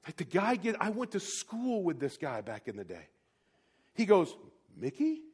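A man preaching a sermon, telling a personal story with big swings between loud, emphatic peaks and quiet asides. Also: fairly high pitch, wildly swooping pitch, moderate pace, breathy edge. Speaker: pastor.

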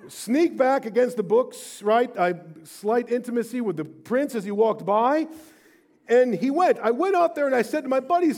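Male pastor, middle-aged, high pitch, emphatic storytelling sermon. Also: lively intonation, moderate pace, darkish tone.

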